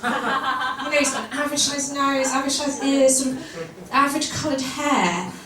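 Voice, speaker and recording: A young woman does a stand-up set, her voice high and chatty, wandering through asides with plenty of ums. She is picked up from a distance in a roomy live venue, so her words carry an echo. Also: moderate pace, a crowd in the background. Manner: chatty, rambling, self-deprecating with many ums and laughs. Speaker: stand-up comedian. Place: live comedy venue with an audience.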